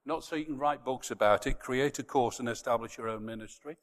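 A man preaching a sermon to a congregation, swinging from quiet, close talk to loud shouted emphasis. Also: medium pitch, fairly quick, long reverb tail.

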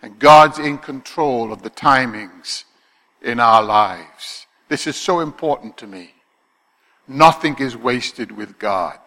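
A man preaching a sermon, his voice bright and forceful. He speaks with emphasis, often putting questions to the congregation. Long reverb from a large church hall hangs behind his words. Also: mid-range voice, animated, takes it slowly. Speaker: pastor.

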